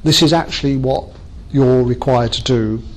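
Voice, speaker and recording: A man's voice: medium pitch, moderate pace, slight background noise, low-quality recording. A man leading a workshop training session, chatty and self-mocking as he jokes with the group.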